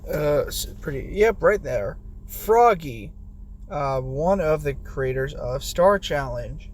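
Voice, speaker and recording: A man giving casual play-by-play commentary on a game competition, excitable and swearing, yelling when players fall. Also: a little high, slow pace, slight background noise.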